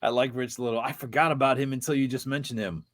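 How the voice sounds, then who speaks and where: A man's voice: mid-range voice, fairly even intonation, fast talker, dry recording. A man who works in voice-over, chatting as a podcast guest in an easygoing, joking way. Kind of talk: casual chat.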